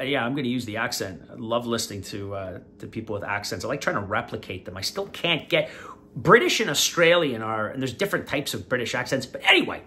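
A man hosting his own channel, casually commenting on an interview and speaking directly to his viewers in a preachy, animated way. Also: medium pitch, fairly quick. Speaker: vlogger, channel host.

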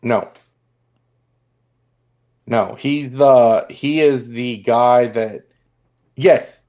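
Man recapping a movie, lo-fi sound. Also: medium pitch. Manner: retells scenes acting out lines in quick voices. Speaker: podcast co-host. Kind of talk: casual movie recap chat. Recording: dull lo-fi sound.

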